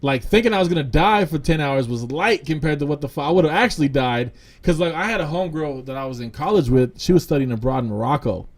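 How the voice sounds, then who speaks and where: A man's voice: on the high side, animated, fast talker, hardly any pauses. A man from the United States hosting a casual podcast chat, laid-back and slangy, laughing often. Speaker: podcast host.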